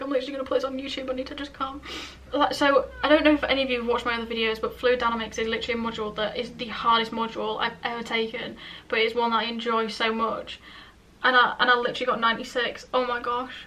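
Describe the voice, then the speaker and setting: A woman's voice: on the high side, pushed and bright, far from the mic. Gushing young woman vlogging. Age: young adult. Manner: emotional, gushing, repeats "literally". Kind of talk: casual reaction vlog. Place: upstairs room at home.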